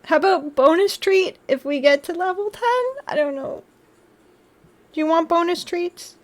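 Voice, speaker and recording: A woman's voice: extremely high pitch, normal speed. A woman streamer chatting casually on a live stream, bubbly, often gasping and laughing as she thanks her viewers.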